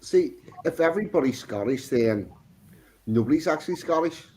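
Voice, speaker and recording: Mellow-voiced man, measured chat. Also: on the high side, expressive. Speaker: stream guest. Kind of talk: casual chat.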